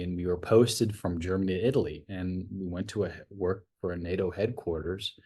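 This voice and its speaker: A low, deep American man in his forties talks through his memories. He tells them with energy, acting out the other people's lines and often laughing at himself. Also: breathy edge. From United States. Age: 40s. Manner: animated storyteller, acts out dialogue, laughs at himself. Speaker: guest, retired army officer and coach. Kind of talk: conversational interview storytelling.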